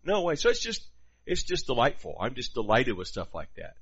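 A man preaching a sermon in an animated, conversational way, with quoted asides to the congregation. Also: medium pitch, fairly quick, breathy edge, dull audio.

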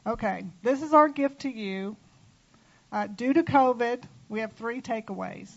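A woman minister presenting gifts in a church, speaking warmly and affectionately. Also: fairly high pitch, unhurried, highs cut off. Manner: warm, affectionate, tearful at times.

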